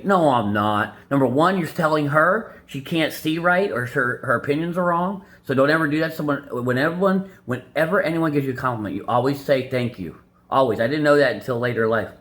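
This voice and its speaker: A man giving blunt, crude dating advice over clips, mocking the people in them with squeaky put-on voices. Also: fairly bright tone. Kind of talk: casual reaction commentary.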